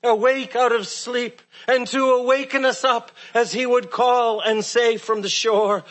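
Slow-spoken, high-voiced male preacher. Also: fairly even intonation. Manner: slow, earnest preaching with rhetorical questions, dropping soft and low at key words. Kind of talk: sermon.

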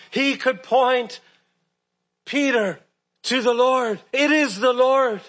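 A man preaching a sermon, earnest and asking rhetorical questions, often dropping soft and low at key words. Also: slow pace.

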